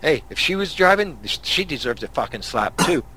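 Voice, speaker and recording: A man's voice: a little high, very animated, moderate pace, pushed and bright, slight background noise. A man from Canada hosting a podcast, telling angry road-rage stories in a profane, casual rant. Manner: angry, swearing storyteller. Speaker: podcast host.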